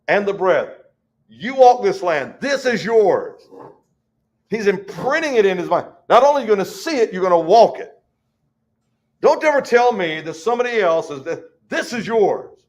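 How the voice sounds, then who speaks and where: Guy teaching bible study, folksy and chatty, voice sits a bit high, slows way down for scripture. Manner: folksy, conversational, reads scripture slowly.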